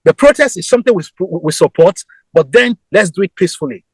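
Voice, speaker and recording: Man, high pitch, dry sound, repeats addresses slowly. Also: expressive, darkish tone, breathy edge, no echo, poor audio. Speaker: caller from abroad. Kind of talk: announcement on a live show.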